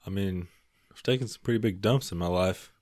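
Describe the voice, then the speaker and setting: A man's voice: deep voice, a little fast, darkish tone, no echo. A man co-hosting a podcast, teasing the others with dry questions in casual banter. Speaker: podcast co-host.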